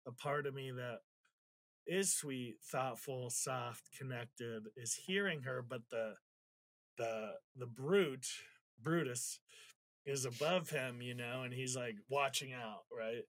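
A man's voice: mid-range voice, slow, a bit bright, no room sound. Candid, emotional man telling a story. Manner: candid, swears freely, acts out quotes; reflective, gets emotional while recounting. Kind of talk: casual storytelling conversation.

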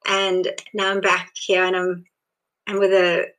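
A woman's voice: on the low side, monotone, unhurried, rough recording. A woman from South Africa with a South African Indian accent tinged with Australian, chatting loosely in an interview with frequent restarts. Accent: South African Indian, mixed with Australian. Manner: rambling, restarts often, laughs softly. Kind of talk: casual conversational interview.

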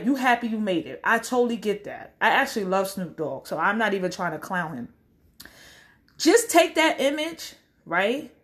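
Blunt, animated woman ranting profanely. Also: mid-range voice. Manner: blunt, profane, preachy advice with acted-out quotes. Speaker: social media commentator. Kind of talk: casual direct-to-camera rant.

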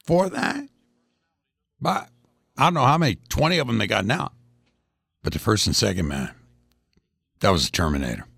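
Gravelly old man rambling monologue. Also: fairly low pitch, sing-song, moderate pace, long pauses, fairly bright tone, dry recording, clean studio sound. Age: 70s. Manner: folksy, chatty, digressive. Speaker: host of a one-man commentary show.

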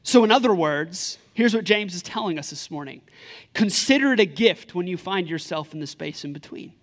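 A man in his thirties, a pastor preaching a sermon in a lively, conversational way, full of rhetorical questions. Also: sits high, moderate pace.

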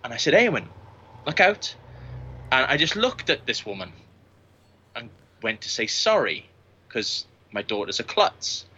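A man's voice: medium pitch, big pitch swings, moderate pace, sharp tone, slightly rough, dull audio. A man in his late thirties, a podcast guest, telling crude, boastful anecdotes full of swearing in casual chat. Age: 30s. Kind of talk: casual storytelling.

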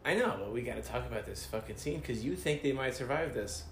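A man's voice: mid-range voice, lively intonation, fast. A man chatting casually about a movie, laid-back and swearing freely. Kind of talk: casual movie commentary chat. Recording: roomy room with faint noise.

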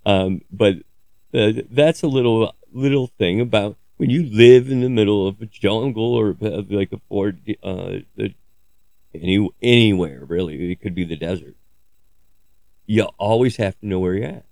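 Low gravelly man rambling with crude jokes. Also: moderate pace, a little mellow, dry recording. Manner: crude, joking, digressive, swears freely. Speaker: podcaster. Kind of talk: rambling casual monologue.

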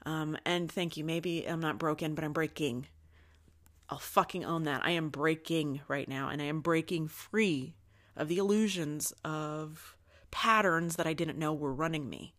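Low-voiced woman, raw and candid. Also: measured pace, fairly bright tone. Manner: candid, swears often, talks openly about her feelings. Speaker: podcast host. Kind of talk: confessional spiritual monologue.

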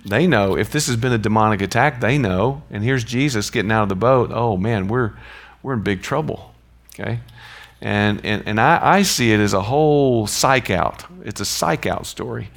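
A man's voice: on the low side, moderate pace, gravelly. A man giving an informal Bible teaching, conversational and mixing in personal stories and chuckling asides.

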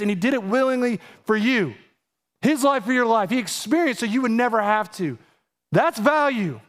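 High-voiced urgent man preaching. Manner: emphatic, rising to urgent high peaks and asking the audience direct questions. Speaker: pastor. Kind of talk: sermon.

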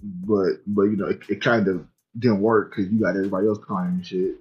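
A man's voice: sits low, fairly even intonation, breathy edge, dull audio, faint music behind. A man co-hosting a podcast, teasing his friend with short reactions in casual chat. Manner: teasing, quick reactions and laughs. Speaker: podcast co-host.

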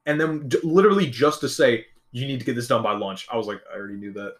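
A man's voice: mid-range voice, fast, roomy sound. A young man in casual chat, telling a school story with lots of swearing and acting out what people said. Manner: profane, animated, acts out quotes in shifting voices.

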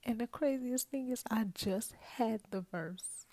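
A young woman hosts a podcast from her bedroom at night, whispering most of the time into an earphone mic held close while her roommate sleeps nearby. Her voice is a little high with a dark tone, and she keeps a measured pace with hardly any pauses on a dry recording. Chatty and casual, she corrects herself as she goes and calls her listeners y'all.

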